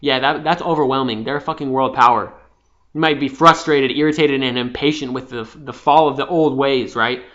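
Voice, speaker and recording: A young man giving an impassioned, profane spiritual monologue, dropping from hushed to loud. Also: medium pitch, steady tone, fairly quick. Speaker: vlogger. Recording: slightly dull lo-fi sound.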